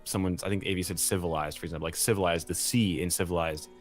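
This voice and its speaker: A man's voice: low voice, steady tone, quick pace, faint music behind. A man casually explaining how he built a made-up game language, rambling with many fillers and restarts. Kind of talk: casual chat.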